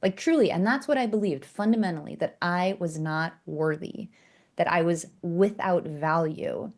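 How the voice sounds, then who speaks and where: A woman, an author and coach, telling candid stories as a podcast guest, animated and self-mocking, with sarcastic asides. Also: on the low side, normal speed. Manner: acts out quoted dialogue in character voices. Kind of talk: candid conversational storytelling.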